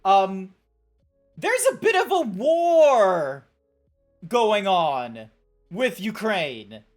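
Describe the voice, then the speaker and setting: A woman's voice: mid-range voice, very animated, drawn-out words. Rambling, sweary Australian woman streamer. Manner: rambling, sweary, reacting to chat. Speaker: Twitch streamer. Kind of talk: casual live-stream chat. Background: faint background music.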